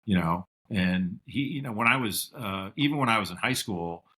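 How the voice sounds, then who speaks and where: A middle-aged man telling stories as a podcast guest, reflective, and lively when he quotes his father. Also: lowish voice, moderate pace, breathy edge. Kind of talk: casual interview storytelling.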